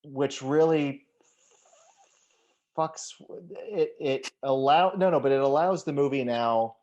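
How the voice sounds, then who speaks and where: A man's voice: medium pitch, takes it slowly, a little mellow, dull audio. A man co-hosting a casual movie podcast, rambling through thoughts with lots of restarts, fillers and casual swearing. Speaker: podcast co-host.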